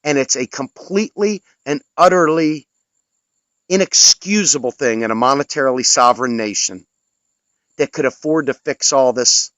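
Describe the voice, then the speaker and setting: A man's voice: mid-range voice, fairly bright tone, dry recording, dull audio. A man delivering an impassioned political rant, angry, sarcastic and scolding toward his listeners. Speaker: political commentator.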